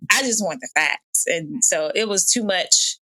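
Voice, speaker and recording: A woman in casual podcast chat, animated and storytelling, acting out quoted voices. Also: on the low side, measured pace. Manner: animated storytelling, laughs often, acts out quotes. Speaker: podcast guest.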